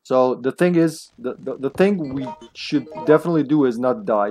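A man live-streaming a video game, chatting casually, laughing often and greeting viewers loudly by name. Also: medium pitch, moderate pace, soft background music.

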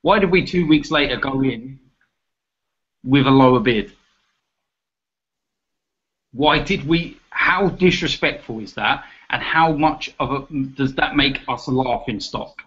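A man's voice: medium pitch, measured pace, pauses often, a bit bright. A man in a heated football debate, mocking and ranting, with the odd swear. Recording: muffled lo-fi audio.

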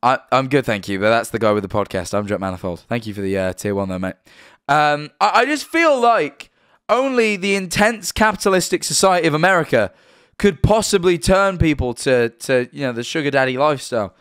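British streamer, lively up-and-down chatter, dry close sound, average pitch. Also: male voice, a little fast, clear, resonant tone, dry recording. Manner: chatty and animated, swears, stumbles over names. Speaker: livestream host. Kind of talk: casual stream chat, reading out subscriber names.

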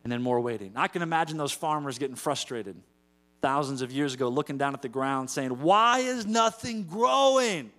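Energetic preaching pastor, man. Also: mid-range voice, brisk. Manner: energetic preaching, rising to loud emphatic calls. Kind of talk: sermon. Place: church sanctuary.

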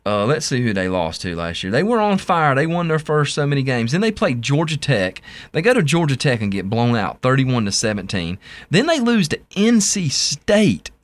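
A man with a Southern US accent talks sports in an easygoing, excitable way. His voice rises and falls a lot as he gets worked up. He sits at a middle pitch and often stops short to restart a thought. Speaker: sports talk show co-host. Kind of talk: casual sports chat.

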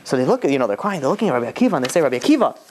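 A man's voice: medium pitch, very animated, racing, darkish tone, a little hiss or hum. A man, a rabbi, retelling a rabbinic story as a class in a loose, chatty way with frequent restarts and asides. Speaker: rabbi teaching.

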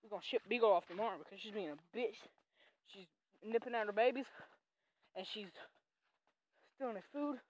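Excitable Southern woman rambling outdoors. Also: medium pitch, normal speed, long pauses, highs cut off. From North Carolina, USA. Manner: excitable, rambling, shouts playfully at animals. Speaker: vlogger. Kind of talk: casual walking vlog. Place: outdoors on a family farm.

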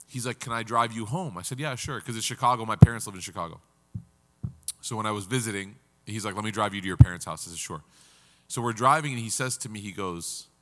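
A man, a religious teacher telling a moving story in an earnest, halting way, his voice breaking with emotion. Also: mid-range voice, bright, forceful tone. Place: community center hall. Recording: reverberant lecture hall.

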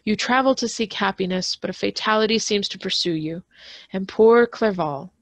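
A woman voicing a gentle, grieving elderly father who speaks softly and sorrowfully in a storybook reading. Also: mid-range voice, normal speed, no echo, natural voice. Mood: mournful. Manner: soft, sorrowful speech.

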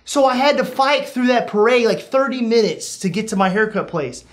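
In casual storytelling chat, this young podcast host recounts humorous anecdotes and performs his reactions with abrupt vocal jumps. His voice is very high and expressive, at a moderate pace.

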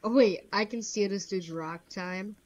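A woman's voice: medium pitch, unhurried, muffled recording. A woman giving casual gameplay commentary in an offhand, wry way with muttered asides. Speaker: gaming commentator.

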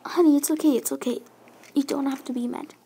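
A woman voicing a meek boyfriend dog who talks softly and pleadingly. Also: high-pitched, steady tone, fairly quick, pitched below the performer's own voice, close to an everyday voice. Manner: soft, pleading, half-whispered.

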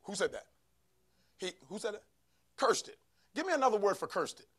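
A man preaching a sermon to a church congregation, calling for responses from the crowd and rising to shouts. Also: high-pitched, very animated, fairly quick, breathy edge. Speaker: pastor. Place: church sanctuary.

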